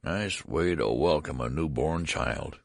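A man's voice: rumbling low, a little slow, gravelly, dry recording, clean studio sound, full character voice. A man voicing a querulous newborn in an old man's body, with a weak, whiny, complaining voice.

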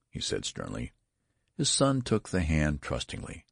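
A man reads a story aloud with a very deep, gravelly voice and husky edges. His delivery is expressive and dramatic, and his pitch rises and falls widely. The recording is close and dry. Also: moderate pace, no echo. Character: nervous, flustered father, Mister Button. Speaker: narrator. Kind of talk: audiobook story reading.

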